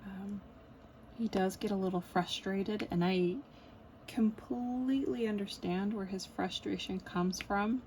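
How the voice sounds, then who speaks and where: A woman's voice: medium pitch, fairly even intonation, measured pace, darkish tone, slight background noise, low-quality recording. A woman in a casual, rambling chat while she works on a diamond painting at home, with lots of fillers and small laughs. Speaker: crafting vlogger.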